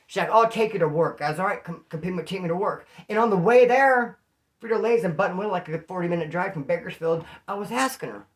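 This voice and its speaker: A man from California spins a story in casual, slangy talk. He moves at a rapid clip in a somewhat high voice. He keeps jumping into animated impressions of what people said. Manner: animated, slangy, acts out quotes.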